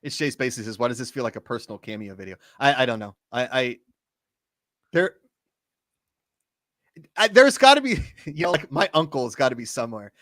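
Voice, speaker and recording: A man's voice: medium pitch, lively intonation, fairly quick, pauses often, fairly bright tone, no echo, studio quality. A man co-hosting a sports talk show, ranting animatedly and swearing now and then. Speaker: podcast co-host. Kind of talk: casual sports chat.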